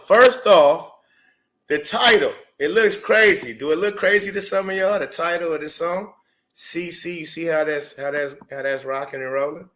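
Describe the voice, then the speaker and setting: A man hosting a casual livestream, talking excitedly, repeating himself and stumbling over restarts as he breaks things down for viewers. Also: fairly high pitch. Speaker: show host.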